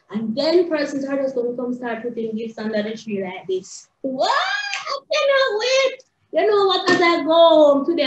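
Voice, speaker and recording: A woman teaching young children in a sing-song, excitable way, recorded indoors. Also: high voice, slight background noise. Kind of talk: animated lesson for young children. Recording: roomy, slightly dull home video.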